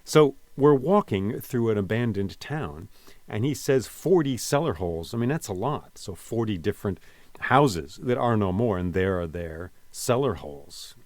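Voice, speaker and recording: A man's voice: lowish voice, lively intonation, normal speed, a little mellow, no room sound. A man giving a reflective spoken lesson on a poem, reading lines aloud and explaining them with casual asides. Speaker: poet and teacher.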